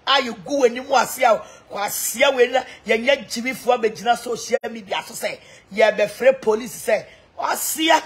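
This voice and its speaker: A woman's voice: fairly high pitch, moderate pace, breathy edge. A Ghanaian woman mixing Twi and English in a mocking, laughing rant, taunting people online. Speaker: social media personality. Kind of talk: mocking live-stream rant.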